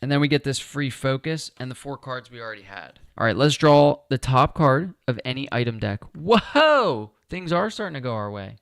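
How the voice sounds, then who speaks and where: A man's voice: mid-range voice, a little fast, hardly any pauses, clear, resonant tone, no room sound, clean studio sound. A man talking himself through a solo board game playthrough, chatty and upbeat as he explains each move.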